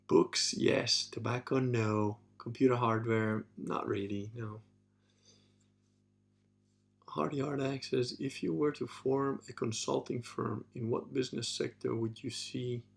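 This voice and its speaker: A man talks on a livestream in a loose, unscripted way, blunt and often profane. His mid-pitched voice carries a gravelly fry. He slips into high, mocking impressions of other people. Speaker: livestream host; martial arts trainer. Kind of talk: casual livestream chat.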